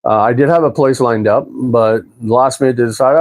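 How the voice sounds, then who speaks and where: A man, chatting casually on a livestream, rambling and relaxed, with plenty of fillers and the odd swear word. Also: mid-range voice, normal speed. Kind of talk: casual livestream chat answering viewers. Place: apartment at home.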